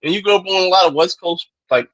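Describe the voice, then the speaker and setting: A man co-hosting a podcast in casual chat, animated and laughing, slipping into impressions as he talks. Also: high-pitched, fast, low-quality recording. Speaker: podcast co-host.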